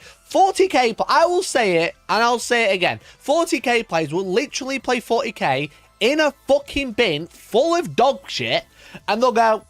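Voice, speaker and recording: A man's voice: extremely high pitch, very animated, normal speed, fairly bright tone, no echo, soft background music. A man hosting a live stream, chatting casually, swearing often, laughing and reading chat aloud while ranting in mock outrage. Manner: mock outrage, voice jumps up when worked up. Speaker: livestream host.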